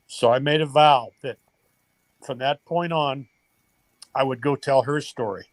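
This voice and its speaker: A man's voice: medium pitch, steady tone, measured pace, long pauses, no room sound. An older man, a former baseball coach, earnestly telling a family story in a podcast interview. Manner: emotional, earnest storytelling with quoted dialogue. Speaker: guest, retired baseball coach.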